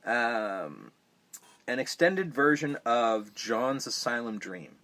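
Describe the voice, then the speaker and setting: A man in casual podcast chat about a movie, with a middle-pitched voice. He rambles and swears freely, and he gets animated when he pokes fun at odd scenes. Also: slow. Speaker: podcast host.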